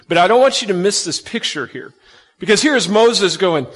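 Animated folksy man preaching in a hall. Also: on the high side, a little fast. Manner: animated, folksy, acts out quotes. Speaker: pastor. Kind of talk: sermon to children and families.

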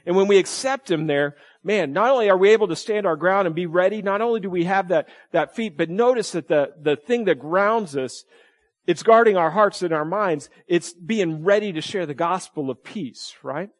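A middle-aged male pastor preaches a sermon conversationally, often checking in with his listeners through frequent "right?" asides. His voice is high and his pace moderate.

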